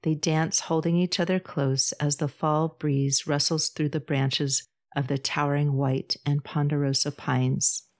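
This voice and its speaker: A woman reading her own story aloud as podcast host, calm and measured. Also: deep voice. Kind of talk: storybook narration.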